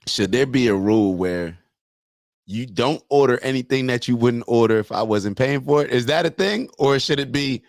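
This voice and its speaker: A man's voice: mid-range voice, normal speed, no room sound, studio quality. A man hosting a morning show, reacting to a clip and reading viewer comments in loose, slangy talk aimed straight at his viewers.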